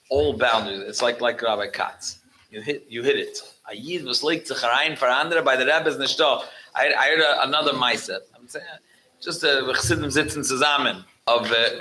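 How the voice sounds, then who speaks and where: A man's voice: mid-range voice, slight background noise, poor audio. A man speaking as guest rabbi at a religious gathering, telling stories with frequent restarts and Yiddish and Hebrew words mixed in. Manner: animated storyteller, mixing in Yiddish and Hebrew words. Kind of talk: storytelling talk at a religious gathering.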